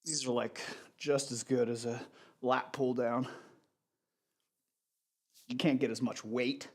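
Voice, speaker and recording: A man with a stuffy nose leading a live home workout, giving relaxed, encouraging instructions while he exercises in his home gym. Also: medium pitch, slow. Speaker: fitness instructor. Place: home gym in a converted bedroom.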